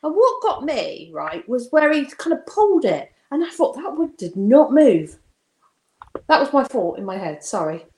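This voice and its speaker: A woman's voice: high-pitched, big pitch swings, normal speed, hardly any pauses, roomy sound. A woman co-hosting a podcast, telling rambling stories with fillers and giggles. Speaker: podcast co-host. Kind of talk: casual chat reviewing a TV episode.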